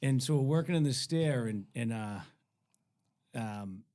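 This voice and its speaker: A man's voice: mid-range voice, expressive, measured pace, a little mellow. A man telling a crude work story on a podcast, swearing and laughing as he goes. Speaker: podcast guest, ironworker. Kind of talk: casual storytelling.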